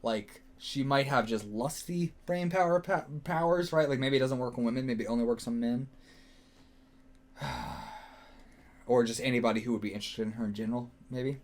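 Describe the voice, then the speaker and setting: A man's voice: medium pitch, moderate pace, pauses often, a little mellow. A man, hosting a casual solo reaction video, rambling and second-guessing himself with lots of fillers. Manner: rambling, self-questioning, frequent fillers and swearing.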